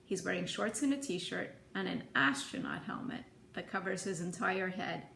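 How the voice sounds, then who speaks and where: A woman reading a novel aloud in plain, even storytelling. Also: fairly low pitch, moderate pace, gravelly, echoey room, slight background noise. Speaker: audiobook reader.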